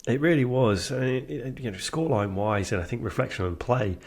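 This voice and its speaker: A man's voice: mid-range voice, a little fast, breathy edge. A man from England co-hosting a casual football podcast, talking in a wry, playful, mock-indignant way. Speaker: podcast co-host.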